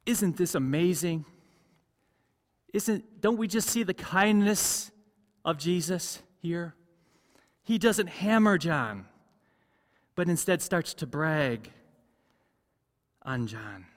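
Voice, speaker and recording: A male pastor delivers an earnest sermon in a somewhat higher voice. He drives his points home by repeating key phrases. The voice rings out with a long church reverb. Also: animated, slow pace, pauses often. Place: large church sanctuary.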